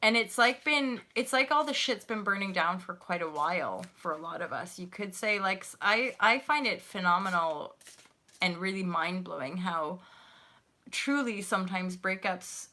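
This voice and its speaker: Woman tarot host, bright tone, gushing and chatty with live viewers, swears casually. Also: medium pitch, animated, measured pace. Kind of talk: live-stream tarot reading.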